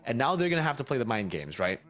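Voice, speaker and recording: A man's voice: medium pitch, sing-song, racing, fairly bright tone. A man giving live esports analysis, explaining strategy at length and checking in with rhetorical questions. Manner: analytical, explains strategy in long runs, asks rhetorical "right?". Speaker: esports co-caster.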